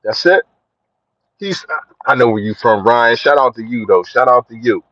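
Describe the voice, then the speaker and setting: A young man chatting casually on a sports live stream, slangy and shouting out his viewers. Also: normal speed, no room sound. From Philadelphia. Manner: slangy, shouts out viewers, lively swings in pitch. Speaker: sports vlogger. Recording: dry, dull lo-fi phone audio.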